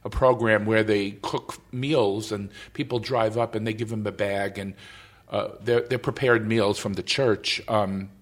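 A man's voice: on the low side, fairly even intonation, a little slow. A man hosting a podcast interview, talking in an effusive, emotional way and often repeating himself. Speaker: podcast host. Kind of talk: casual interview chat.

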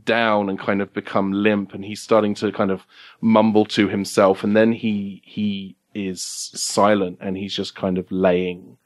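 A man with a fairly low voice running a tabletop game, who stops and restarts often as he narrates. It comes across as an unhurried, improvised storytelling session. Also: flat delivery. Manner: halting, repetitive narration. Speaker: game master. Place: game store.

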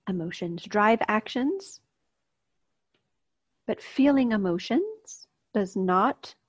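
A woman's voice: on the high side, husky, no room sound. A woman coach teaching an online course lesson in a casual, upbeat way, speaking straight to her viewers. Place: outdoors, near a street. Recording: dull, slightly lo-fi dry sound.

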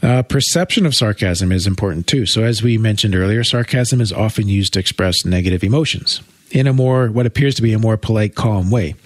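A man's voice: on the low side, a little fast, no echo. A man co-hosting a podcast, explaining earnestly in casual chat with wry jokes. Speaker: podcast co-host.

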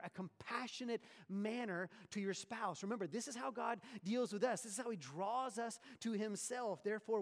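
A man preaching a sermon, animated and full of rhetorical questions and sarcastic asides. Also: sits high, vocal fry, in a large hall. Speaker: pastor.

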